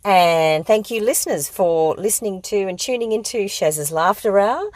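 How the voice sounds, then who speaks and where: A woman's voice: medium pitch, normal speed, no room sound. A woman hosting a community radio show, chatty and effusive with her guest. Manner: effusive, chatty, warmly gushing. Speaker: radio host. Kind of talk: casual radio interview.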